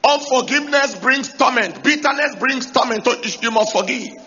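A male preacher giving an emphatic sermon, raising his voice to shout key points and asking the congregation rhetorical questions. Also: very high-pitched, normal speed, lo-fi sound, slight background noise. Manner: emphatic, rising to shouts to drive points home.

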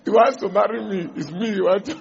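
Gravelly high-voiced male preacher. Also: quick pace, highs cut off, a little hiss or hum. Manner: animated, acts out little dialogues, asks the audience questions. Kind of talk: sermon.

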